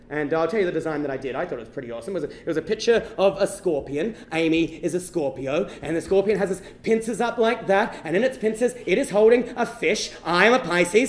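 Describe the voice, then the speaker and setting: A man performs a comic true-life story on a live stage in a very high voice, talking fast. He is animated and swears freely, and his voice echoes through a roomy live hall. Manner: animated, bursts into shouting, swears. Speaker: stand-up storyteller.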